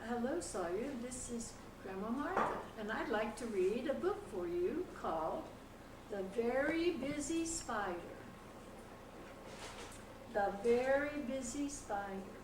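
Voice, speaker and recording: An older woman, a grandmother, slowly reading a picture book aloud to a child with gentle pauses. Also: fairly high pitch, animated. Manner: slow, gentle storytelling with pauses. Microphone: home video camera across the room. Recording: echoey room, distant camcorder mic, noise.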